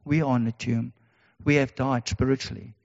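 A man's voice: medium pitch, steady tone, normal speed, creaky. A man preaching a sermon, earnest and repetitive, with emphatic rhetorical questions. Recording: dull sound in a reverberant hall.

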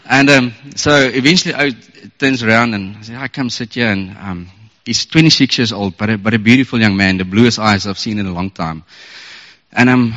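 A man's voice: on the low side, a bit bright, long reverb tail. A man, sharing an emotional, earnest testimony at a church service and chuckling now and then. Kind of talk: storytelling testimony. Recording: dull muffled sound.

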